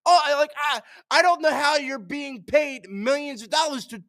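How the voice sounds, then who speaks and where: A young man hosting a sports show, ranting in frustration, jumping between loud outbursts and low mutters. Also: normal speed, dry recording, studio quality.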